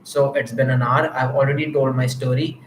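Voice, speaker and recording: A man's voice: medium pitch, steady tone, moderate pace, echoey room, slight background noise, poor audio. A man with an Indian accent thinking aloud on an unscripted live stream, rambling and reflecting on himself. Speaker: livestreamer. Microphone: mic with camera.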